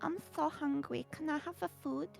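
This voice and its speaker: Brief: a woman playing a sly British street kid, whiny and high, all fake pity turning to a cackle. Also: normal speed, gravelly, soft background music. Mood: pleading. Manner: whiny pleading, then gloating cackle. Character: scheming little street-child beggar. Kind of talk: comic improvised game-stream bit.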